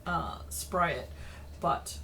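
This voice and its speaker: A woman's voice: lowish voice, extremely slow, bright, forceful tone, slight background noise. A tired woman, chatting casually to camera in a rambling, self-deprecating way from her home craft room. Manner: chatty, self-deprecating, lots of ums and tangents. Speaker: small business owner updating viewers.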